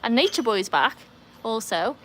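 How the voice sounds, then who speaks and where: A woman's voice: a little high, big pitch swings, a bit bright, a little hiss or hum. Chatty British woman hosting a livestream. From United Kingdom. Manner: chatty and upbeat, rambling, quick asides to her dogs. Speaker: livestream host. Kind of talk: casual livestream chat, reading viewer comments aloud. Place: at home with her dogs.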